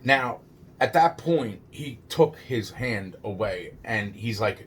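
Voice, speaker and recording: A man in the middle of recounting a true story, voice at an ordinary middle pitch with a faint ambient hum behind him. He stumbles over restarts and repeated words and swears constantly. He sounds shaken, as if he can barely believe it himself. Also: animated. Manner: rambling and halting, many restarts and repeated words; shaken disbelief at his own story. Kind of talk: casual first-person true-story retelling.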